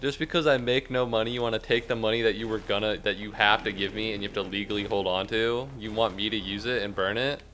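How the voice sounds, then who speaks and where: A man's voice: on the low side, fairly even intonation, quick pace, hardly any pauses, fairly bright tone, slight background noise. A young man streaming a game, rambling and sarcastic, swearing a lot and yelping suddenly at the game. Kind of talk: casual gameplay commentary.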